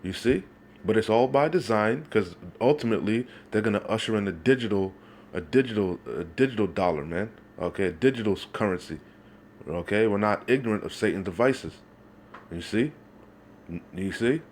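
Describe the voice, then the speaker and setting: A man's voice: lowish voice, expressive, normal speed, darkish tone, a little hiss or hum. A man preaching, reading Bible verses aloud and then commenting on them in a heated, denouncing way, again and again asking "you see?". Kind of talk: street-style scripture preaching.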